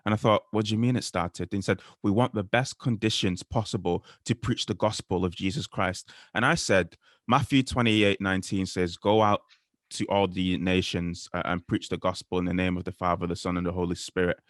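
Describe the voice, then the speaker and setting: A man co-hosting a podcast, talking earnestly and quoting scripture in a measured way. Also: low-pitched, fairly even intonation, dry recording, clean studio sound. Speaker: podcast co-host. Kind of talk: casual faith discussion.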